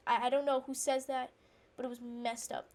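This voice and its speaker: A woman's voice: sits high, little pitch movement, moderate pace, a little mellow. A woman rambling through an indignant personal story while playing a game, with lots of fillers and restarts. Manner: breaks off to react to the game. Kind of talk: casual storytelling chat.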